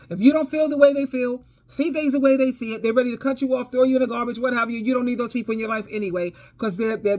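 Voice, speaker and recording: A woman giving casual storytime advice, preachy and emphatic, calling listeners baby and girl, and repeating herself for emphasis. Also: on the high side. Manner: repeats phrases for emphasis, laughs between points. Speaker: advice vlogger.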